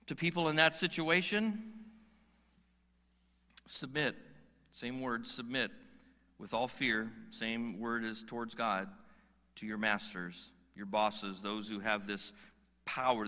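A man's voice: fairly low pitch, slow, long pauses, pushed and bright. A man preaching a sermon as pastor, emphatic, firing rhetorical questions and stretching out key words. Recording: long reverb of a large hall.

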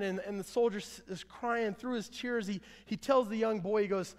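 A man preaching a sermon as pastor, earnest, swelling louder then dropping low at line ends. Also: a little fast, hardly any pauses. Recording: long hall reverb.

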